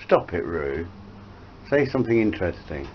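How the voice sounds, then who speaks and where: A man's voice: deep voice, very animated, normal speed. A man chatting casually with his pet parrot at home, amused and teasing it back. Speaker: pet owner. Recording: muffled home recording with faint hiss.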